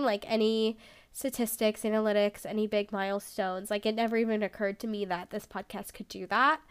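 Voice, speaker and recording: A woman with a high, smooth voice hosts her own podcast solo. She rambles chattily, leans on "like" and pokes fun at herself. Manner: rambling and chatty, heavy on "like", self-deprecating. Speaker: podcast host. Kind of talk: casual solo podcast chat.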